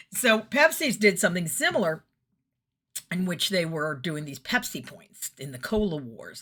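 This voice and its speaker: Middle-aged lady vlogging, chatty and laughy, kinda low but bright voice. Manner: chatty, laughs often, acts out quotes. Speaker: vlogger giving weekly messages. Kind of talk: casual storytelling monologue.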